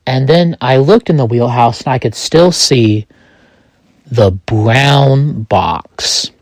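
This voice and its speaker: A man narrating a dark first-person story in a halting way, full of restarts and pauses. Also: medium pitch, no echo.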